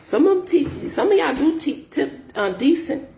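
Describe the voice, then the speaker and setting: A middle-aged grocery delivery shopper tells stories in a casual vlog, venting about rude customers and repeating herself in an animated, exasperated way. Her voice is high-pitched with vocal fry, she talks at a normal speed, and the sound is reverberant.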